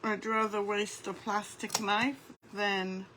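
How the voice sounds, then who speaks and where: A woman's voice: medium pitch, flat delivery, slow pace, pushed and bright, rough recording. A woman hosting a casual craft livestream, chatting and greeting viewers by name as she works. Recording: faint background noise.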